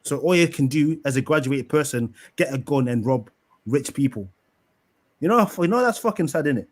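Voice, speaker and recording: A young man, chatting in a casual debate. His voice sits at an average pitch. He tells stories in an animated, profane way and tags his points with quick asides. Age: 20s.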